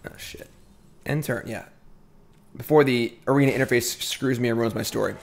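A man's voice: medium pitch, normal speed, gravelly, slight background noise. A middle-aged man telling a rambling story while playing a card game on stream, often breaking off to comment on his moves. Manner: chatty, rambling, self-interrupting. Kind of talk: casual storytelling while gaming.

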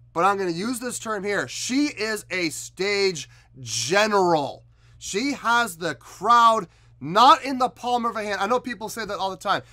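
A man hosting a music reaction video, excitedly commenting and explaining what he hears. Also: sits high, no echo. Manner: animated, exclaiming, explaining guitar technique.

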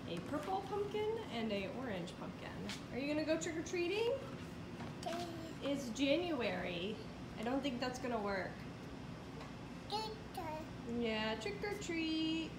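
Young woman vlogging at home, high lively voice, slow chatty talk, echoey room with loud noise behind. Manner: chatty, breaks into high excited calls to a toddler and dog. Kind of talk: casual home vlog. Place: parents' house, basement.

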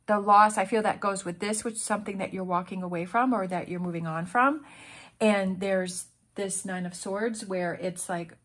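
A woman's voice: mid-range voice, a bit bright. Earnest woman reading tarot cards. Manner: earnest, encouraging, many restarts and fillers. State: emotional. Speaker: tarot reader. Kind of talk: casual tarot reading monologue.

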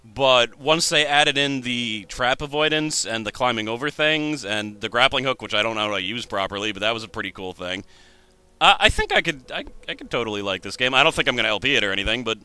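A man's voice: mid-range voice, expressive, a little fast, sharp tone, smooth. A man in his twenties giving wry gameplay commentary. He thinks aloud and jokes at his own expense. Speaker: let's play host.

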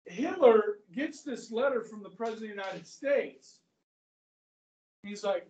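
A man's voice: sits high, animated, measured pace, long pauses, a little mellow, highs cut off. Man lecturing in a roomy classroom. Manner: conversational, asks the class questions, acts out quotes. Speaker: history teacher. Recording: roomy classroom audio from far off.

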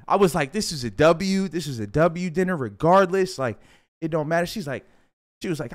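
A young man telling a casual storytime, animated and slangy, often repeating himself. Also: fairly high pitch, normal speed.

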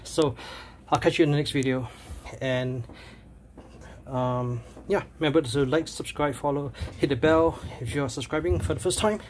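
A man casually talking through charts while working out at a gym, a bit out of breath, thinking aloud with pauses and fillers. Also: on the high side, a little mellow, a little hiss or hum. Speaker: crypto vlogger. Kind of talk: casual screen walkthrough.

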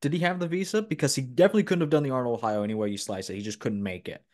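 A man with a mid-pitched voice hosts a podcast interview. He mostly listens with short acknowledgments and asks his guest probing questions. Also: very fast, darkish tone. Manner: brief backchannels and probing questions. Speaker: podcast host.

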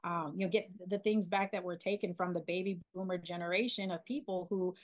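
A woman in her forties from Philadelphia, a documentary filmmaker being interviewed, talking in an animated way with many restarts and fillers. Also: on the low side, normal speed, hardly any pauses. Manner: animated, lots of restarts and "you know". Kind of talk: casual interview storytelling.

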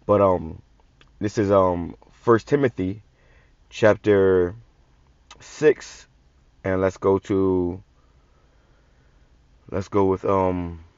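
A man preaching from scripture, reading verses slowly and then commenting in blunt, profane street talk with many repeated words. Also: low-pitched, steady tone, clear, resonant tone, no room sound, lo-fi sound. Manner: reads verses slowly and louder. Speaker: online preacher.

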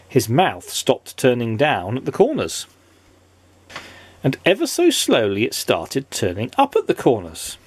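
Man, dad reading a children's storybook, playful, sing-song, husky, dry sound. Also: a little high, darkish tone, no echo. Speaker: father reading a storybook aloud.

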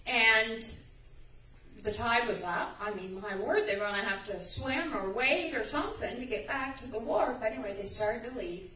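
A woman's voice: fairly high pitch, moderate pace, bright, forceful tone. A woman giving a rambling, emphatic testimony in church. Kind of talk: animated testimony storytelling. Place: church sanctuary. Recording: echoey church room, distant mic.

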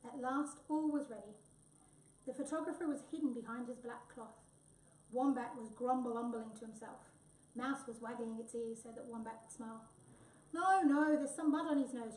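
A woman reading a children's storybook aloud in an expressive, lively way. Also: fairly high pitch, moderate pace. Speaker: reader. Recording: echoey room, voice from far off.

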